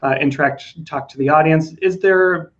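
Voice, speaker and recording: A man's voice: a little high, normal speed, a bit bright, highs cut off. A man interviewing an actor, asking eager, fan-like questions.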